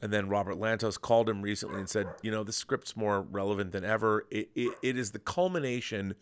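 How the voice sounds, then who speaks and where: Enthusiastic low-voiced man gushing about films. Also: fairly quick, clean tone. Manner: enthusiastic, rambling with restarts. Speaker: podcast host. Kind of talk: casual film chat.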